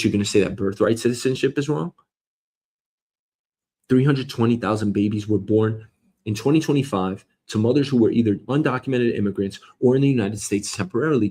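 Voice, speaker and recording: A man's voice: lowish voice, dark tone, breathy edge. A man hosting a solo comedic news show, rambling and swearing as he argues with an imagined listener. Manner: rambling, profane, mock-arguing with the listener. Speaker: host.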